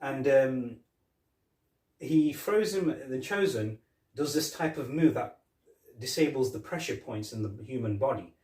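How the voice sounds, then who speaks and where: A man chatting on a podcast, acting out quoted lines as he goes. His voice sits at an everyday pitch. He is miked from a distance in a roomy space. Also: unhurried. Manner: animated storytelling, retelling scenes with quoted lines and laughs. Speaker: podcast co-host. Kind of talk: casual chat.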